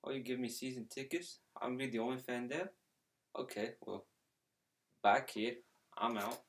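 A man's voice: medium pitch, fairly even intonation, normal speed, slight background noise, close to an everyday voice. A man voicing a brash, rich male football fan with a put-on New York accent, boasting and brushing people off during a comedy phone-call skit. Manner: boastful, dismissive, rambling with fillers.

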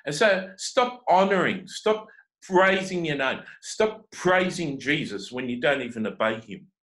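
A man preaching a confrontational sermon, his fairly high voice swinging widely in pitch. He scolds the listener with run after run of rhetorical questions and often restarts his sentences on a repeated word. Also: big pitch swings, a little slow, fairly bright tone, poor audio. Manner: repeats words when starting sentences. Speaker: self-described prophet and teacher.

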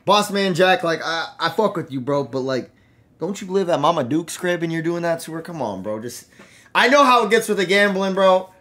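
A man's voice: a little high, expressive, normal speed, a bit bright. A man giving casual reaction commentary on clips, slangy and incredulous.

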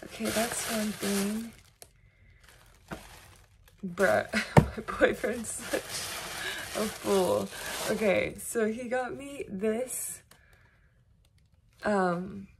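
A woman's voice: mid-range voice, drawn-out words, pauses often, background noise. A woman, chatting casually to her phone camera at home in a bubbly, gushing way. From United States. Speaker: vlogger. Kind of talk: casual vlog chat. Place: home, indoors.

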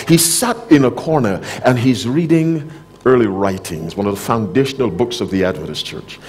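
A male pastor delivering a sermon to a conference audience in a hall. He speaks directly and firmly, stopping to put questions to the crowd. He moves from loud, emphatic phrases to quiet, low asides. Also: expressive, moderate pace, breathy edge.

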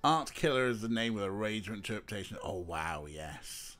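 A man's voice: fairly low pitch, expressive, normal speed, fairly bright tone. A man streaming a game, chatting casually with his viewers and laughing often, with faint game music behind. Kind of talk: casual let's-play commentary.

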